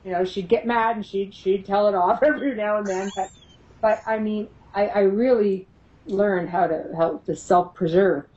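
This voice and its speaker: A middle-aged woman, a paranormal investigator, spins animated stories in an interview, laughing often and slipping into the voices of the people she quotes. She speaks at an ordinary pitch for a woman. The recording sounds a little muffled. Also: moderate pace. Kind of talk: casual storytelling in an interview.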